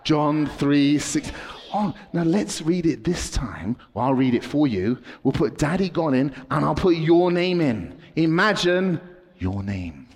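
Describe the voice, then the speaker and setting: A man preaching to children and telling stories dramatically, swinging from excited to hushed. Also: on the high side, a little slow, slightly rough, long reverb tail. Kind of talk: storytelling sermon to children.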